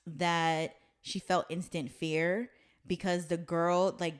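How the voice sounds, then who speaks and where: A podcast host, a woman with a low, smooth voice and little pitch variation, speaks slowly as she retells a story during a casual chat. Her telling is loose and rambling, with some swearing.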